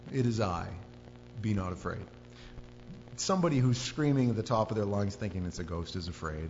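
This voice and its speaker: A man preaching a sermon, telling the story with lively acted-out voices and screams. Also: on the low side. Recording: dull lo-fi sound with long hall reverb and faint hum.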